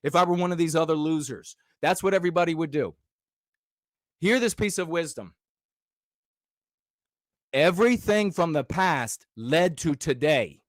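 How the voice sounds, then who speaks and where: A male livestream host ranting at his audience, combative and profane, sometimes rising to shouts. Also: a little high, no room sound, studio quality. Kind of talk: livestream rant.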